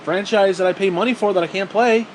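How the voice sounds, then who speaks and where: A man's voice: high-pitched, fast, slight background noise. A man angrily ranting about a video game in a profane, sarcastic, frustrated way. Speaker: gaming vlogger.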